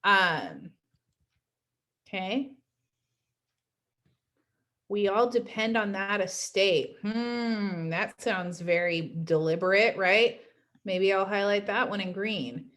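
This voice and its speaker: A woman's voice: mid-range voice, slow pace, pauses often, fairly bright tone. A woman teaching a class in a casual recorded lecture, chatty and often adding "right?" to check in with her students. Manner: chatty, frequent "right?" tags.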